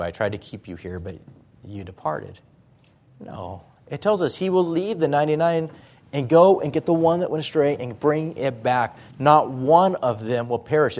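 A male pastor with a fairly high voice preaches a sermon in church. He works through scripture conversationally, posing rhetorical questions.

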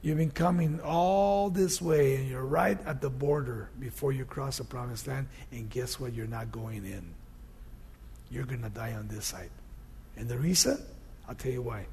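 A man voicing God as a stern but patient male deity, speaking in a calm, lowered, confiding way. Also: normal speed, vocal fry, a little hiss or hum, natural voice.

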